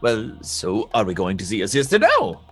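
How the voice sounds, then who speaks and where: A man's voice: fairly low pitch, huge pitch swings, moderate pace, fairly bright tone, breathy edge, faint music behind, heavily acted. A man voicing a flustered, chatty woman who is a chancellor.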